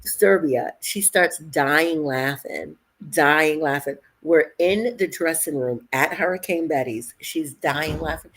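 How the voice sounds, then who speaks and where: Low husky woman, animated storyteller. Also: slow pace. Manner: animated storyteller, acts out quotes, laughs often. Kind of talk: casual chat.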